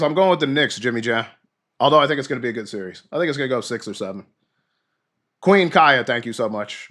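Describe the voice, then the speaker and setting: A man's voice: fairly high pitch, a bit bright. A man hosting a livestream, ranting heatedly and cursing while thanking viewers by name. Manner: reads chat names and thanks viewers. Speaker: livestream host. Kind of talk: ranting political livestream chat.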